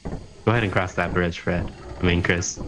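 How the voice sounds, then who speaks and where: A man's voice: low-pitched, steady tone, normal speed, roomy sound, background noise. A man gaming with friends, teasing and laughing while giving directions. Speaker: co-player. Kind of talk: casual gaming chat with friends.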